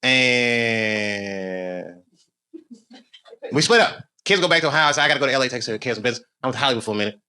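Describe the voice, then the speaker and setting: A man performing a stand-up comedy routine for a live audience, animated and excitable. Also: medium pitch, fast, long pauses, smooth. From United States. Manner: animated, swings into loud excited bursts.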